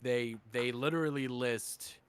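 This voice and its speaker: A man's voice: mid-range voice, steady tone, unhurried, clear, resonant tone. A young man co-hosting a podcast, explaining things in rambling, profane run-on sentences. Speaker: podcast co-host. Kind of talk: casual podcast chat.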